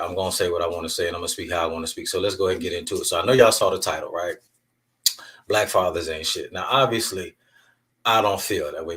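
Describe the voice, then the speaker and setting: Deep-voiced man podcasting from afar. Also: fairly bright tone, recorded from a distance. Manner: candid, emphatic, storytelling. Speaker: podcast host. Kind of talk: casual monologue podcast.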